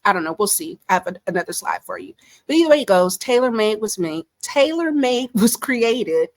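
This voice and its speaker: A woman talks through pop culture in a casual home commentary. Her voice sits at an everyday middle pitch, and her delivery is animated, chatty and full of strong opinions. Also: normal speed, no room sound.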